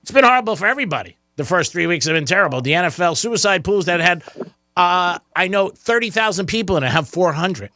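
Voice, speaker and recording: A man hosting a talk radio show in the studio, joking and getting excited, laughing often. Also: high voice, fast, no echo. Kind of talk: casual talk radio banter. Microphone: studio microphone.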